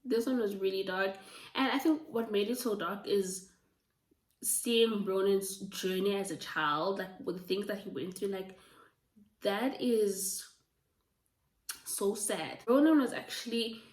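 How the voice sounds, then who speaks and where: A woman's voice: mid-range voice, unhurried. Chatty woman reviewing books, roomy sound. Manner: chatty, gushing, full of "like" and "um". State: voice going hoarse. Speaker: book reviewer. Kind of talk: casual book review chat. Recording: roomy, from a distance.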